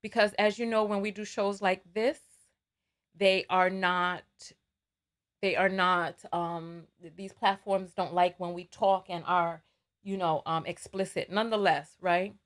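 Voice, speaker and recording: A woman's voice: lowish voice, steady tone, measured pace. Fired-up woman hosting a live stream. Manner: heated, indignant, repeats herself. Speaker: livestream host.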